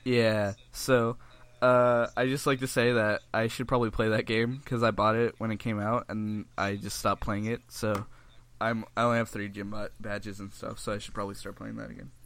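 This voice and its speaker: Bright, excitable young guy on a podcast. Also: lowish voice, moderate pace, no echo. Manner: excitable, swears a lot, laughs often; rambling with restarts. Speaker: podcast host. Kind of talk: casual podcast chat.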